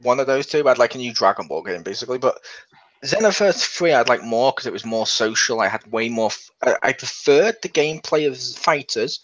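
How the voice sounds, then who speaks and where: A young man co-hosting a casual chat about video games, talking in a chatty, animated way and laughing often. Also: mid-range voice, fairly quick. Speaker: podcast co-host. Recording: dull lo-fi sound.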